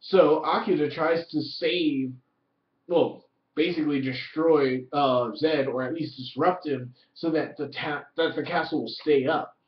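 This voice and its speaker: Excitable cursing man, distant and roomy. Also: a little high, a little slow. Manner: excited, profane, heavy use of "like". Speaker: TV episode reviewer. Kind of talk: casual spoken review. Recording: roomy, distant, dull lo-fi audio.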